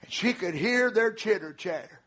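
A male preacher delivering a sermon through dramatic storytelling, with repeated refrains and calls to the congregation that build to shouts. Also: high voice, lively intonation, normal speed.

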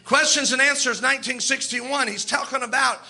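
Very high, sharp-voiced male preacher. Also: normal speed, gravelly. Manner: impassioned, emphatic, bursts into shouts. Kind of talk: fervent sermon.

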